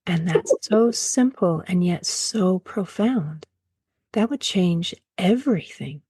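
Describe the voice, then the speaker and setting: A woman's voice: fairly low pitch, expressive, slow, mellow, breathy edge, no room sound, studio quality. A woman podcast host interviewing a guest, answering with effusive, affirming remarks. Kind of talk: interview hosting.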